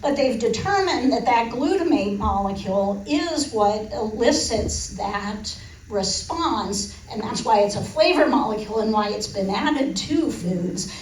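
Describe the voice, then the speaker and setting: A woman's voice: on the high side, animated, unhurried, slight background noise. A woman giving a casual science talk to a live audience, with many fillers and restarts. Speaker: guest speaker on food science. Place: lecture room. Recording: roomy, distant mic in a hall.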